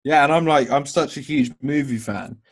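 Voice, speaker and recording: A man's voice: on the high side, normal speed, husky. A young British man hosting a podcast, introducing his guest in a rambling way full of fillers. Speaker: podcast host. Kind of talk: casual podcast interview.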